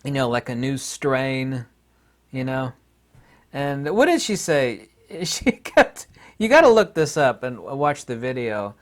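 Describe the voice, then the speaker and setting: A man's voice: mid-range voice, very animated, unhurried, a bit bright. Sarcastic guy rambling to his camera, voice bouncing up and down a lot, laughs at himself. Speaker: YouTube vlogger. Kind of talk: casual talk to camera.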